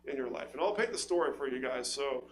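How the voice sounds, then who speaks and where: This California stand-up comedian has a mid-range, expressive voice and talks fast. On a stage mic in front of a live audience, he rambles and mocks himself, stumbles into restarts, and chuckles at his own material. Hum and crowd noise fill the recording.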